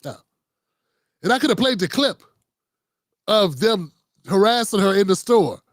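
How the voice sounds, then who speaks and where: A man's voice: sits high, animated, measured pace, no room sound, studio quality. A man hosting unscripted political commentary, talking casually and riffing, slipping into quoted voices.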